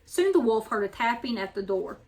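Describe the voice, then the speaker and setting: Storyteller host reading a children's picture book; woman, slightly high. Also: big pitch swings, brisk, a little mellow.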